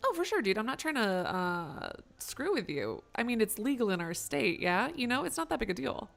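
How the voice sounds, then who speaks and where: Woman playing a salesy vampire hustler, persuasive, animated and gravelly, faint music behind. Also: moderate pace. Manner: persuasive salesy pitch with hesitant fillers. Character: smooth-talking vampire schemer pitching a business deal.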